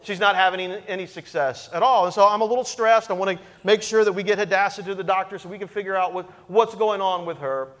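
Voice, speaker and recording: A man preaching as a pastor, telling a self-mocking story in an animated way. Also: sits high, fast talker, hardly any pauses, long reverb tail. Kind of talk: sermon storytelling.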